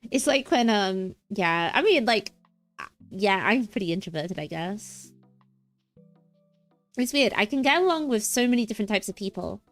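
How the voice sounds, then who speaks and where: Over faint background music, a young woman streams casual chat in an expressive, medium-pitched voice. She keeps a moderate pace, pauses often, and rambles playfully, giggling as she goes.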